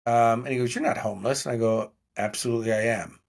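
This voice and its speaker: A man's voice: mid-range voice, fast, vocal fry. Man in his sixties telling stories. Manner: animated storyteller acting out quoted dialogue. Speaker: podcast guest. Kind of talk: storytelling interview.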